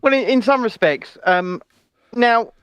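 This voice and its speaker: A man's voice: extremely high pitch, measured pace, fairly bright tone, clean tone, no room sound, lo-fi sound. A man co-hosting a casual news chat show, talking in an opinionated, chatty way with hedging asides. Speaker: co-host.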